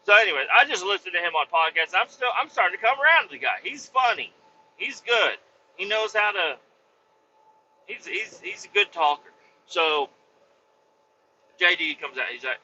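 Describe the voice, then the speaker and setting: A man with a fairly high, piercingly sharp voice rambles crudely and profanely through a comedy monologue. The recording sounds a little muffled and lo-fi, with a faint hiss of noise behind him. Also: animated, normal speed. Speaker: comedy podcast host.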